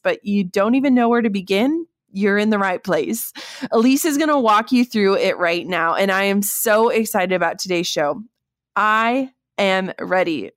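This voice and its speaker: A woman hosting a podcast, talking to her listeners in an energetic, enthusiastic way. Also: fairly high pitch, no room sound, studio quality. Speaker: podcast host. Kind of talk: upbeat podcast intro and ad reads.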